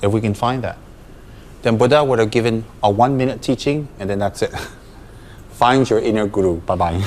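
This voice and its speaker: A man's voice: fairly low pitch, moderate pace, pauses often, darkish tone, slight background noise. A man, a Buddhist teacher, giving a dharma talk to students, emphatic and full of rhetorical questions.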